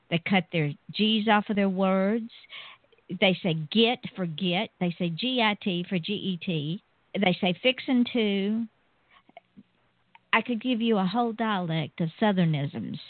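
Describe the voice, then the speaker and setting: A woman hosts a radio interview, chatty and stretching out her words. Her voice sits at an ordinary pitch and sounds thin and dry, like a phone line. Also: no room sound. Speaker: radio host.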